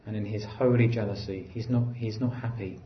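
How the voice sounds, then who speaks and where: A man's voice: fairly even intonation, fairly quick, slight background noise. Earnest male preacher, slightly muffled. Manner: earnest, builds to emphatic lifts and drops to quiet low phrases. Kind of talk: sermon.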